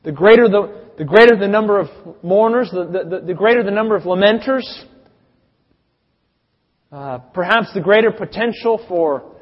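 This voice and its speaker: A man preaching a sermon, telling the story dramatically with big swings in loudness. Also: sits high, normal speed. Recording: dull sound with long reverb.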